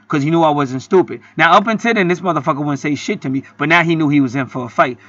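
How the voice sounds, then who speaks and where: A man's voice: fairly high pitch, animated, very fast, hardly any pauses, pushed and bright, muffled recording. Heated, profane man telling a story. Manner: profane, heated, rambling with restarts. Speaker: channel host. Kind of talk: casual storytelling monologue.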